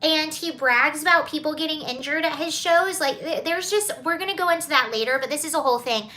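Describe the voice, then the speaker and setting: A woman's voice: high-pitched, brisk, bright, forceful tone. A young woman from Georgia with a Southern accent, hosting a casual livestream, chatting and reading viewer comments in a digressive, laughing way. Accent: Southern American. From Georgia, USA. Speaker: livestream host.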